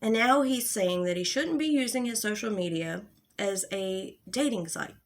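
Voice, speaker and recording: A woman's voice: mid-range voice, moderate pace. A young adult woman giving an angry, profane commentary rant, exasperated and sarcastic. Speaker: commentary YouTuber.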